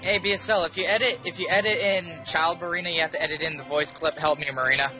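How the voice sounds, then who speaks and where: A man's voice: high-pitched, fairly even intonation, fast, pushed and bright, faint music behind. A young man chatting casually over a game playthrough, rambling with restarts. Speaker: let's play commentator. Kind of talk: casual gaming commentary.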